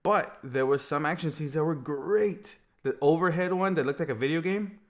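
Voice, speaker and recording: A man's voice: fairly high pitch, moderate pace. A man co-hosting a casual movie review podcast, talking in rambling bursts with many restarts. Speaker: podcast co-host.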